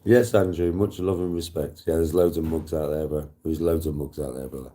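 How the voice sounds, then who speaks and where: A man's voice: very deep voice, steady tone, brisk, mellow. A man hosting a casual chat, teasing his guest in a laid-back, easygoing way.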